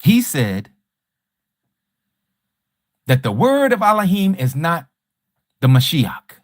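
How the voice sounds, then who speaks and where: A man leads a livestreamed scripture study in an emphatic, rhetorical way. He hammers his points with repeated questions, and his pitch swings widely. The sound is dry and close, with no room around it. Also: sing-song, slow, dry recording. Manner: combative toward a rival teacher. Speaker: Bible study teacher.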